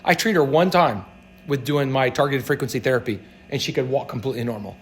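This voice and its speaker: A man, a practitioner being interviewed, telling patient stories in a casual, animated way and acting out the voices of people he quotes. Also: medium pitch, fast, slight background noise. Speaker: healthcare practitioner guest.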